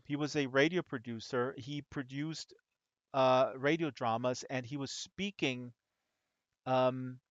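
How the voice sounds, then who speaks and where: A man hosting a casual chat, telling rambling, animated stories with many restarts. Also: medium pitch, no room sound. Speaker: host. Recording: dull lo-fi dry audio.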